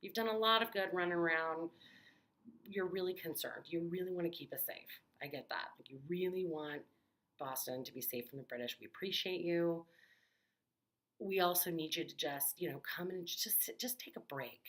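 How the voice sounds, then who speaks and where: A woman voicing a kindly townsperson soothing a panicked man, in a hushed, partly whispered, coaxing voice. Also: on the low side, moderate pace, lightly acted.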